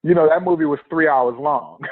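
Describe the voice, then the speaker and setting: Animated man telling a story over a tinny line. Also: a little high, dry recording. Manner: animated storyteller who acts out quotes and laughs often. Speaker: podcast guest. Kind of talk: storytelling in an interview. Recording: tinny phone-line sound, dry.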